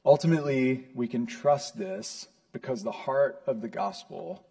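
A man's voice: medium pitch, measured pace, gravelly, warm tone. Male pastor, sermon, mid-range voice, earnest, emphatic at peaks.

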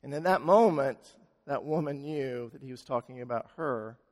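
A man preaching a sermon, telling a story dramatically and swinging from loud, fast passages to hushed, slow ones. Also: medium pitch, long reverb tail.

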